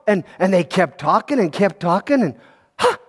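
A high-pitched man narrates a children's story, animated and halting, stumbling over repeated words. His voice rings with a long hall reverb.

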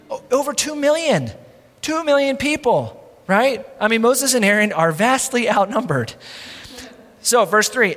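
High-voiced pastor in an echoing church. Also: male voice, fairly bright tone. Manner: conversational, wry, emphatic rhetorical questions. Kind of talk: sermon. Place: church sanctuary.

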